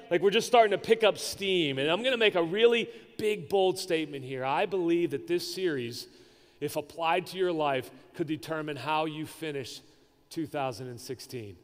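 A man preaching a sermon as pastor, talking conversationally with restarts and rhetorical questions. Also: high voice. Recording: echoey hall reverb.

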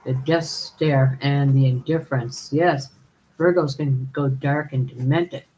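A woman's voice: rumbling low, steady tone, a little slow, warm tone, a little hiss or hum, poor audio. A woman hosting a live stream, chatting casually, laughing often and calling viewers darling as she reads their comments.

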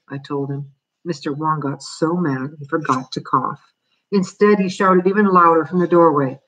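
A woman reading a children's novel aloud as a storyteller, in steady, plain narration. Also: low-pitched, moderate pace, low-quality recording.

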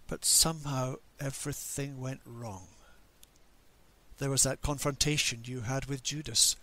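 A man's voice: medium pitch, sharp tone. A man voicing the grieving, angry disciple Peter at the cross in a dramatic monologue during a church service, bitter and questioning. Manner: bitter, questioning, self-reproaching.

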